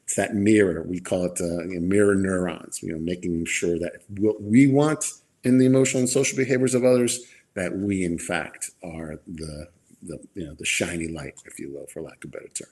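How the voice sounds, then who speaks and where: Man, middle-aged, husky, a bit low, animated storytelling, casual interview talk. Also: brisk. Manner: animated storyteller acting out quoted dialogue. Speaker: podcast guest, leadership expert.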